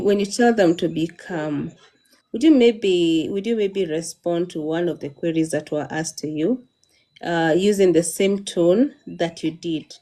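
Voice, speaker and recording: Lively woman live-stream host. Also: on the low side. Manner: lively, encouraging, prompting questions. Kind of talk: casual live-stream interview.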